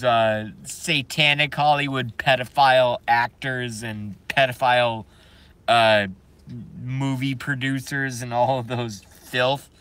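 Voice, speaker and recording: A man's voice: mid-range voice, bright, forceful tone, smooth. A man on a live stream, talking to his viewers and reading their chat, emphatic and repetitive, often laughing in disbelief.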